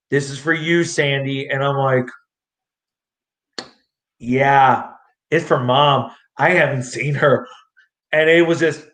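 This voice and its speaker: A young man telling fight stories in a rambling, excitable way, acting out what people said, as a guest on an interview show. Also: medium pitch. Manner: excitable, rambling, acts out quotes. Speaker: guest, amateur street fighter. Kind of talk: casual storytelling interview. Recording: echoey room.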